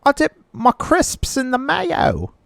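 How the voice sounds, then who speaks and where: A man's voice: wildly swooping pitch, slow pace, gravelly, a bit bright, heavily acted. A man putting on an exaggerated British accent as a jokey mock Englishman. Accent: put-on British. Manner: high cartoonish parody voice.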